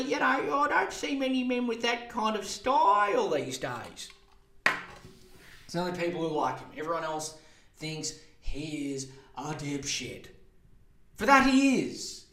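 A man's voice: on the high side, sharp tone. An Australian man hosting a comedy podcast, ranting and rambling with lots of swearing as he hands out mock advice. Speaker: podcast host. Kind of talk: comedic rant. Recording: roomy echo.

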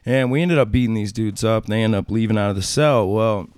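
A man's voice: lowish voice, a little fast, darkish tone, clean tone, no room sound, clean studio sound. A man talking as a tattoo artist guest in an interview, telling stories casually, swearing freely and acting out what other people said. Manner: profane, acts out quoted voices.

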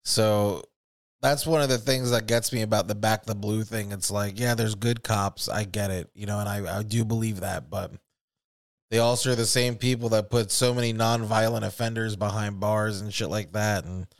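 A young man co-hosting a casual podcast, telling stories in a lively way and swearing freely. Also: on the low side, moderate pace. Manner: profane, animated storytelling. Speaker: podcast co-host. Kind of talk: casual chat.

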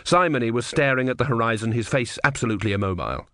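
A man reading an audiobook in measured, dry storytelling narration. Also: medium pitch, expressive, a bit bright, dry recording. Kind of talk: scripted narration.

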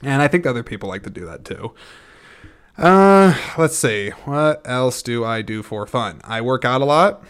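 A man's voice: medium pitch, expressive, normal speed, fairly bright tone, smooth. A man in his thirties hosting a podcast, talking casually and rambling as he thinks aloud, with frequent restarts. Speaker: podcast host. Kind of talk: casual solo monologue.

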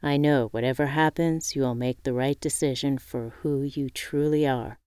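A man's voice: medium pitch, steady tone, normal speed, clean tone, dry recording, clean studio sound, lightly acted. A woman reading as a teasing, supportive male friend. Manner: warm teasing, encouraging.

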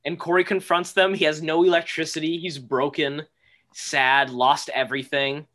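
A man co-hosting a recap podcast, dropping dry one-liners. His voice is bright and sharp-edged and sits a little high for a man. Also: level tone, moderate pace. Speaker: podcast co-host. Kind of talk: casual recap chat.

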